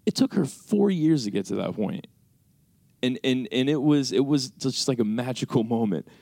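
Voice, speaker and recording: A man's voice: medium pitch, normal speed, creaky, no echo. An American man telling a personal story at a live Q&A, acting out both sides of a talk with his mother. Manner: animated, acts out his mother's side of a talk. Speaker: panelist answering audience questions. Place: screening venue.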